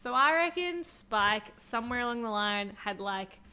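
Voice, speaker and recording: Bright-voiced woman chatting and laughing. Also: on the high side, moderate pace. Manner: laughs often, animated retelling. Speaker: podcast co-host. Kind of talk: casual chat.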